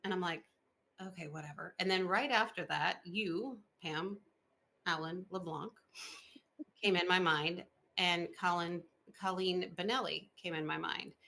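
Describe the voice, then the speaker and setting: A woman podcast host chatting in an interview, expressive and full of fillers, laughing often as she tells stories. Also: fairly low pitch, unhurried, gravelly. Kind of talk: casual interview chat.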